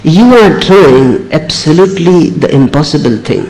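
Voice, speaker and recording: A middle-aged man giving a spiritual discourse, speaking in short, emphatic phrases with slow, deliberate pauses. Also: a little high, animated, darkish tone, slight background noise, rough recording. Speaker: spiritual teacher.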